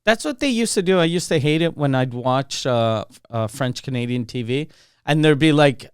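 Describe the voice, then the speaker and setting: A man co-hosting a podcast in casual chat, telling stories in an animated way and acting out quotes. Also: a little high, normal speed, clean tone, no echo, studio quality. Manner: animated storytelling, acts out quotes. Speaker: podcast co-host.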